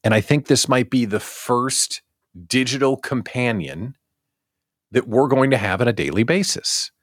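Guy hosting a livestream show, super lively pitch, jokey, lots of "right?" questions, dry close sound. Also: unhurried, no echo. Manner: animated, joking, rhetorical questions. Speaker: host.

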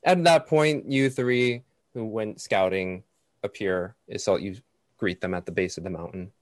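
A man narrating a tabletop role-playing game as game master, relaxed, with frequent fillers. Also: lowish voice, measured pace, no echo, studio quality.

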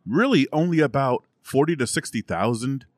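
A man's voice: mid-range voice, expressive, moderate pace, no room sound. A man and podcast guest in casual chat, telling stories at an easy pace with lots of "you know" and "like". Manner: laid-back storyteller, says "you know" and "like" often. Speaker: podcast guest, competitive shooting coach.

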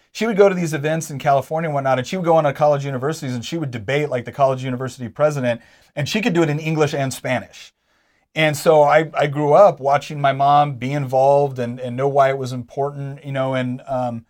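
A man in his forties casually telling stories, chatty and self-deprecating, laughing along. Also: medium pitch. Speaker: co-host telling his story. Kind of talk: casual conversational storytelling.

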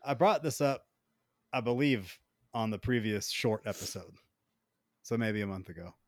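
A man's voice: fairly low pitch, animated, moderate pace, no echo, clean studio sound. A man hosting a casual gaming podcast, rambling and swearing with wry humor. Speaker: podcast host.

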